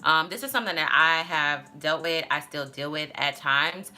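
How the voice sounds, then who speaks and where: Low, bright-voiced woman vlogger. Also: moderate pace. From Texas. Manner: candid, rambling, many fillers. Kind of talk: casual advice talk to camera. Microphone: phone.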